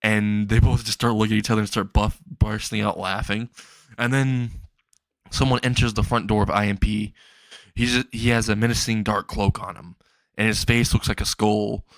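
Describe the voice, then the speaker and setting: Man, casual fan-story narration, rambling, excitable, swears a lot, dry close sound. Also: fairly low pitch, moderate pace, no echo. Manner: rambling, excitable, swears freely, briefly voices characters.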